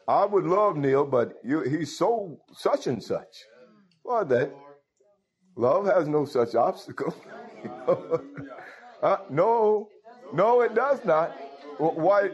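In a muffled recording, a pastor with a fairly high, slightly mellow voice preaches a sermon. He chuckles often and engages the congregation call-and-response style, asking "Huh?" again and again.

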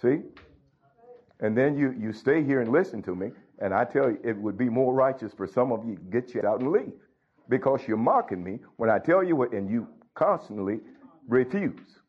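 Stern pastor, blunt and scolding, mid-pitched man, muffled lo-fi recording. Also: animated, normal speed, breathy edge. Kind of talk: sermon. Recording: dull lo-fi recording.

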